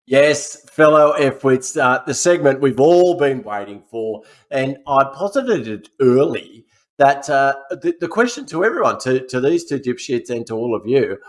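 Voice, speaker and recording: A man's voice: medium pitch, expressive, unhurried. A man co-hosting a casual film podcast, presenting his segment in a loose, jokey, swearing way. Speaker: podcast co-host.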